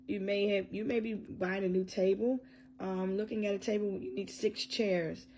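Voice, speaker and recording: A woman's voice: mid-range voice, steady tone, moderate pace, a little mellow, a little hiss or hum. A woman giving a loose, joking tarot reading, freestyling and cursing as she goes. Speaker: tarot reader.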